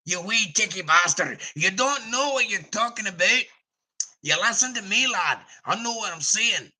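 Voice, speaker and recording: A man's voice: high-pitched, expressive, normal speed, pushed and bright, voice pushed up, full character voice. A man putting on an angry Scottish man with a Scottish accent, scolding and blustering. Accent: put-on Scottish.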